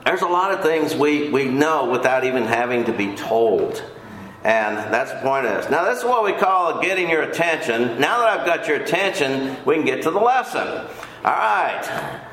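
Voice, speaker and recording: A man's voice: on the high side, very animated, normal speed, a bit bright, a little hiss or hum. An older man teaching a casual Bible lesson in a folksy, rambling way, often repeating himself. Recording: echoey room.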